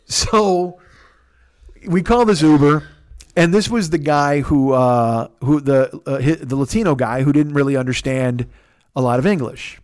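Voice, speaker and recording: A man's voice: fairly high pitch, unhurried, darkish tone, no room sound, clean studio sound. A man hosting a podcast, telling a comic story in a profane, exasperated way. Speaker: podcast host. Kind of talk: comedic storytelling.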